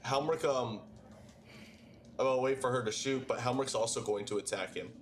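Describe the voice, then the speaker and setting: A man playing in a tabletop game, talking in a halting, emphatic way. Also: medium pitch, a little hiss or hum. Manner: halting, lots of fillers and restarts, emphatic. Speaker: player. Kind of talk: casual tabletop game play.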